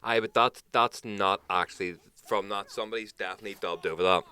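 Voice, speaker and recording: A man's voice: lowish voice, steady tone, fast talker, sharp tone, smooth. A young man, co-hosting a podcast and telling a story in casual chat, swearing freely and acting out what others said. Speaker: podcast co-host.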